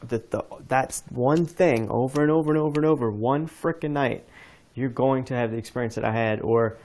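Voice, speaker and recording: A man's voice: medium pitch, fairly quick, darkish tone. A man hosting a podcast, telling a rambling story in casual chat with many restarts. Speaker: podcast host.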